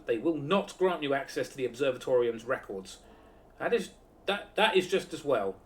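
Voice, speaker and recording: A man voicing a measured, persuasive male adviser to a noble house in a fantasy game. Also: a little high.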